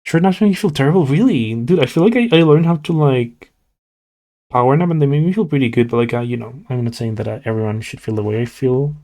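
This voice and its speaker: Mellow-voiced sleepy young man rambling. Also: mid-range voice, fast talker. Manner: rambling, many "like" fillers and restarts. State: sleepy, yawning. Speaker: streamer. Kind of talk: casual chat with live chat while drawing.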